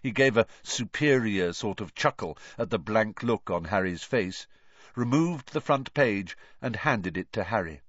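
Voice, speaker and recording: A man's voice: lowish voice, lively intonation, unhurried, fairly bright tone, dry recording. A man narrating a story aloud as an audiobook reader, on a dull lo-fi recording. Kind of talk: scripted narration.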